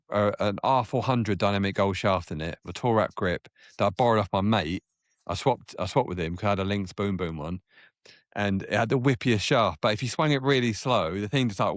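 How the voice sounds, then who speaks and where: A man's voice: lowish voice, no echo, studio quality. A man in his forties, a golf coach telling rambling stories as a podcast guest, correcting himself and acting out other people. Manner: rambling, self-correcting, acts out quoted people in a raised voice. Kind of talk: casual anecdotal storytelling.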